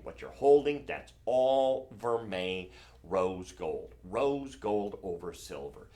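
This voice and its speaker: A man hosting a live shopping stream, selling jewelry in a chatty, enthusiastic way and correcting himself as he goes. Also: mid-range voice. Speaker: shopping channel host.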